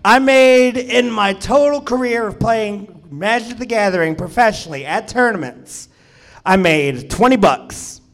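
Twenty-something guy doing standup, swears a lot, runs himself down, pretty high voice. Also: a little slow. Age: 20s. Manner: profane, self-deprecating delivery. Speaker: stand-up comedian. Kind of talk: stand-up set at a live comedy show. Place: comedy club stage.

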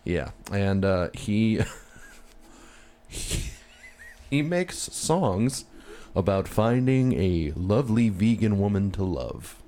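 Brief: low-pitched male co-host, animated swings in pitch, crude and giggly banter. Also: slow, pauses often, slight background noise. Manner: profane, laughs often, swings his pitch animatedly. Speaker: podcast co-host. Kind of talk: casual comedic chat.

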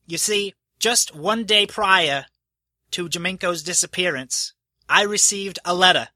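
A man's voice: sits high, unhurried, pushed and bright, no room sound, voice pushed up, full character voice. A man voicing a nervous, fussy official who stammers while announcing a will to a crowd. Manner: stammering, anxious, pompous.

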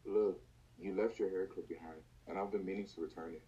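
A man's voice: low-pitched, steady tone, fairly quick, dark tone, highs cut off, slight background noise, lightly acted. A man playing a remorseful young man pleading with a woman in a drama rehearsal. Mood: awkward.

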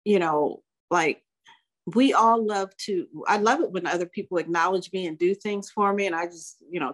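A woman in her sixties talks as a guest in a relaxed interview. She speaks reflectively, often stopping and restarting, in a middle-pitched voice. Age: 60s. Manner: reflective, halting, with many restarts. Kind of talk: casual interview chat.

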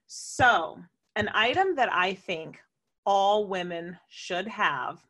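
A woman co-hosting a podcast, talking candidly and playfully and laughing often. She walks her listeners through things step by step in a relaxed, chatty way. Her voice sits at an ordinary middle pitch for a woman. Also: takes it slowly. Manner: explains step by step. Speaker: podcast co-host. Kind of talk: casual chat.

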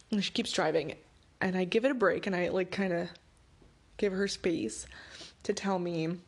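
Woman in middle age, casual anecdote on air, animated, exasperated, mid-range pitch. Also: normal speed, creaky. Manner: animated, exasperated, swings between loud exclaims and hushed asides. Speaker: storyteller. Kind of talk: casual personal story told on air.

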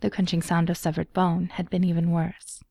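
Woman, audiobook narration, measured storytelling, gravelly, dark tone, dry close sound. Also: fairly low pitch, monotone, dry recording. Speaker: podfic reader.

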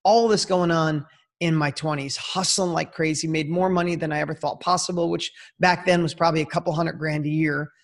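Man, fifties, podcast guest, high-pitched, excitable slangy storyteller, talks straight to the host. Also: fairly quick. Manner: energetic, slangy, addresses host directly. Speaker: interview guest. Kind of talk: casual storytelling.

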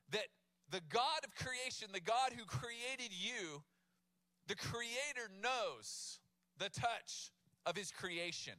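A man's voice: high-pitched, dry recording. A man in his thirties preaching a sermon in a casual, humorous way, with playful retellings of the text. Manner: casual, humorous, animated storytelling with laughs. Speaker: pastor.

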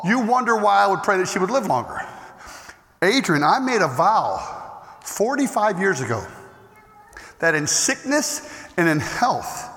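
A man voicing an elderly husband in his eighties who cares for his sick wife, speaking softly, slowly and earnestly. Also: high voice, creaky, big-room sound, heavily acted. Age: 80s. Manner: soft, slow and earnest.

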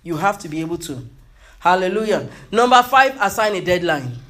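A man's voice: high voice, very animated, normal speed, fairly bright tone. A man preaching a motivational sermon with emphasis, repeating key phrases and calling out hallelujah.

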